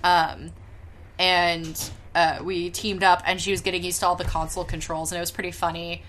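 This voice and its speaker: A woman co-hosting a podcast, telling stories in a casual, animated way with laughter and casual swearing. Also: lowish voice, moderate pace, slight background noise. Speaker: podcast co-host. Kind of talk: casual chat.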